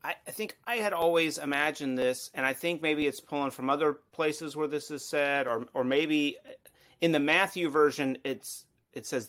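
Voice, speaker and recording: A man's voice: fairly high pitch, normal speed, fairly bright tone. Man thinking aloud in a Bible study. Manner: thinks aloud with restarts and hedges. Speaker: study participant.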